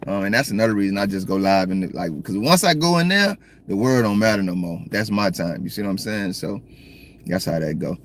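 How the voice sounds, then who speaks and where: A man's voice: lowish voice, animated, brisk. A man with a Southern American accent, sitting in his parked car and chatting casually with viewers on a livestream, joking and reading their comments. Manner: laid-back, joking, talks straight to viewers. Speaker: livestream host.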